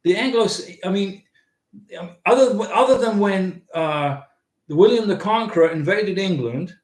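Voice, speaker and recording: A man's voice: high voice, measured pace, echoey room. A man hosting a casual livestream, rambling and answering viewers' chat comments. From United States. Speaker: livestream host.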